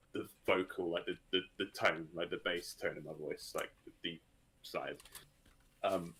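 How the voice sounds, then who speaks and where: British guy, soothing easygoing talk, fairly low and bright. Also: husky. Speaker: guest. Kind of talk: casual podcast chat.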